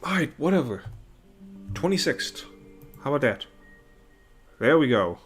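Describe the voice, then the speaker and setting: A man's voice: mid-range voice, big pitch swings, measured pace, soft background music. A man hosting a casual live stream at home, muttering to himself as he works and tossing off dry, sarcastic asides. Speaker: livestream host.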